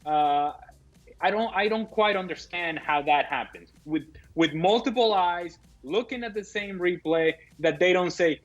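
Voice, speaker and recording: A man giving football punditry in halting speech, often restarting a phrase. His voice is somewhat high and the sound slightly dull and lo-fi. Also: soft background music. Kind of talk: casual studio chat.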